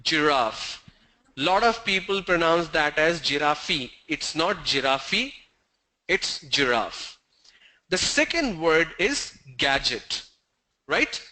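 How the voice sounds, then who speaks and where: A man teaching English pronunciation in an online class, speaking in a measured way, asking the class questions and repeating key points. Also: a little high, big pitch swings, sharp tone, low-quality recording.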